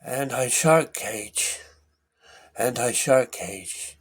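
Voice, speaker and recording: A man doing Quint, a gruff old shark hunter. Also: medium pitch, expressive, extremely slow, full character voice. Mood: mocking. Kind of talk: film scene impression.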